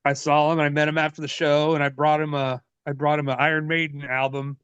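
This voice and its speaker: A man in his forties, a wrestler being interviewed, telling stories in a casual, profane, animated way. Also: on the high side, fast talker, clear, resonant tone, no room sound. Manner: profane, animated, laughs often. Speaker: wrestler guest. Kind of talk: casual storytelling. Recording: dull lo-fi dry sound.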